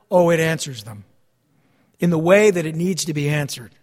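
A man preaching a sermon as pastor, repeating key phrases with dramatic pauses. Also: high voice, lively intonation, long reverb tail.

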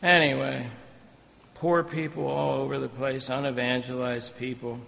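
A man preaching a sermon in a church, animated and storytelling with joking asides. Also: mid-range voice, normal speed, gravelly, long reverb tail, slight background noise. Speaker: visiting missionary preacher. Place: church sanctuary.

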